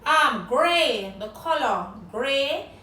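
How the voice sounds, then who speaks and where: A high-pitched Jamaican woman teaches vocabulary, spelling words out and putting questions to a guest. She sounds a little off the mic in an echoey room, with faint background noise. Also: animated, very slow, pushed and bright, far from the mic. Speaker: English teacher. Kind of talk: vocabulary lesson.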